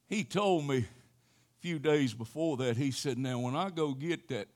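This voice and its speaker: An older man preaching a sermon, telling a personal story in a folksy way with sudden loud exclamations. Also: mid-range voice, a little slow. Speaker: pastor.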